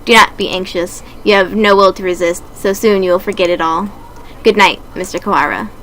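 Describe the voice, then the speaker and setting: A woman playing a smug, sinister doctor, soft and measured. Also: medium pitch, slight background noise, lightly acted, poor audio. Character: smug, sinister male doctor bird, calm and cold.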